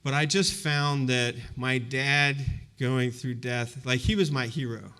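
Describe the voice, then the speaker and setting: A man's voice: medium pitch, steady tone, measured pace, sharp tone, smooth. A man in his fifties telling a personal story in a conversational, reflective way during a university talk, with frequent fillers. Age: 50s. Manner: conversational and reflective, many fillers like "you know". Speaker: university presenter. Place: university event before a live audience.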